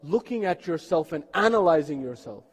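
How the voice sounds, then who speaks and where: A male preacher delivers a sermon with earnest storytelling and rhetorical questions. His voice sits high for a man. The sound carries the long reverb of a mosque hall. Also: expressive, brisk, breathy edge.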